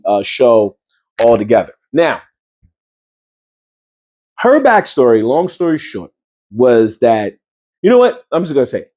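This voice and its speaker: New man, higher voice, slangy incredulous recap rant, host reviewer. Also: darkish tone. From New York. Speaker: show reviewer.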